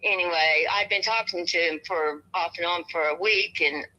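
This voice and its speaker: A woman's voice: lowish voice, moderate pace, lo-fi sound. A woman in her fifties selling a house over the phone, chilled and shivering, rambling from one thing to the next with many restarts. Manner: rambling, meandering, with many restarts and soft laughs. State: cold and shivering. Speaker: home seller on a phone call.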